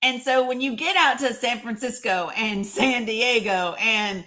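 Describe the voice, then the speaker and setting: A woman from Northeast Tennessee talks straight to her livestream viewers in a chatty, emphatic way, answering commenters by name. Her voice is bright and forward, pitched a little high, and her Tennessee accent comes through clearly. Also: unhurried. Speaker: livestream host. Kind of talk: live-streamed commentary to viewers.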